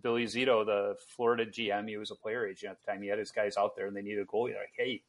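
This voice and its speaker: A man's voice: lowish voice, very fast. A man from Chicago hosting a podcast, chatting and telling stories conversationally. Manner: conversational, relaxed storytelling. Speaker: podcast host. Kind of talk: casual interview chat.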